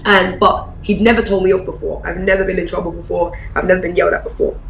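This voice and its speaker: A woman pastor, preaching a personal testimony in an animated storytelling way. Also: fairly low pitch, quick pace, creaky, echoey room, faint music behind, poor audio. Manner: animated storyteller, acts out quoted voices.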